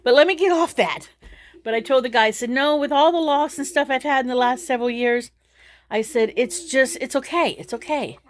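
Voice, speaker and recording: A woman's voice: high-pitched, brisk. A middle-aged woman chatting casually to her vlog viewers, rambling and laughing through her frustration. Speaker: vlogger.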